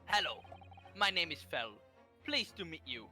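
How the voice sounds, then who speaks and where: A man's voice: on the high side, sing-song, normal speed, sharp tone, soft background music, exaggerated voice. A man doing a formal Russian juror. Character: earnest male Russian juror at a trial.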